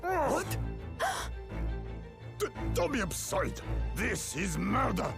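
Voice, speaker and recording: A man voicing an excitable, foreign-accented male ship officer in a game, with broken, shouty exclamations. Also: high-pitched, drawn-out words, vocal fry, voice pushed up, heavily acted. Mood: agitated. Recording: game music behind the voice.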